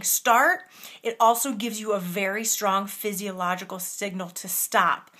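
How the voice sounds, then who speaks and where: A woman coaching her viewers on eating habits, with a bright, forceful tone and a voice sitting a little high. She sounds earnest and encouraging, and leans on repeated words to drive her points home. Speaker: weight loss coach. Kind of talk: direct-to-camera coaching talk.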